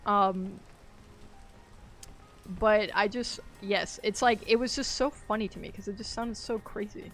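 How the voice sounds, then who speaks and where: A woman's voice: medium pitch, fairly even intonation, a little slow, pauses often, faint music behind. A woman streaming a game, chatting casually and rambling, laughing easily as she plays. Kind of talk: casual gaming livestream chat.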